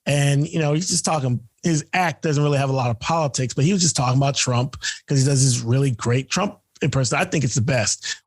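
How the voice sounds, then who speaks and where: A man's voice: on the high side, no room sound, clean studio sound. A man co-hosting a podcast, telling stories in a loose, profane, casual way, full of fillers and laughs. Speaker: podcast co-host. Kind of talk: casual chat.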